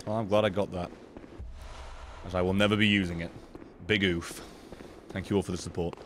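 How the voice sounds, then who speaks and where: A young man streaming live gameplay, swearing constantly, thanking donors and breaking into loud shouts. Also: sits low, fairly even intonation, fairly quick, a little hiss or hum. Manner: thanks chat donors between fights.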